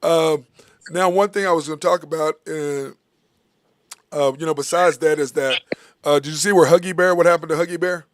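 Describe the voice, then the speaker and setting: A man hosting a casual sports talk show, animated and rambling, laughing often and filling his talk with "uh" and "I mean". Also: fairly high pitch, moderate pace.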